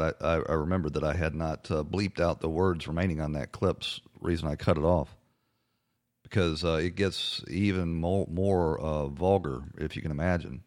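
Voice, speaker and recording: Male talk host, very low voice, indignant, halting with fillers. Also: fairly even intonation, darkish tone. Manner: indignant, hesitant with many fillers. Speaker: political talk show host. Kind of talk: conservative radio talk commentary.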